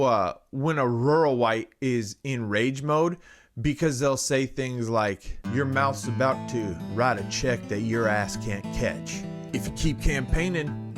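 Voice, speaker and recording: A man hosting a comedy show speaks in a lively, swooping voice set a little high. His sarcasm is mock-earnest, and he wanders into rambling asides laced with swearing. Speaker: podcast host.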